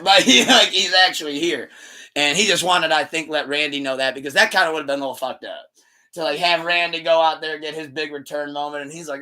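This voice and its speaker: Male podcast host, tense bright tone, animated retelling, casual and profane. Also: fairly high pitch, a little fast. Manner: loose, rambling, swears freely; animated retelling with acted-out quotes. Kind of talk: casual chat.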